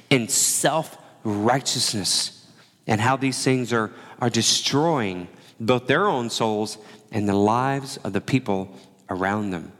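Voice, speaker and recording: Conversational preacher in a reverberant hall. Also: male voice, mid-range voice. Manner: conversational preaching, acts out quoted lines. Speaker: pastor. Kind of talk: sermon.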